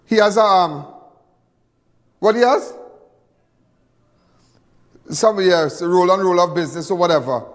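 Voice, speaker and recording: Male crime-show host, very high voice, heated repetitive rant, reverberant room. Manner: angry, repetitive, stumbling restarts. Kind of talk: impassioned live TV commentary.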